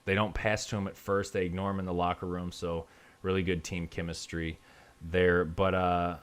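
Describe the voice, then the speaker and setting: A man's voice: sits low, little pitch movement, normal speed. A man co-hosting a podcast, recapping a film plot in casual chat with dry asides. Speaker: podcast co-host. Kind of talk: casual movie review chat.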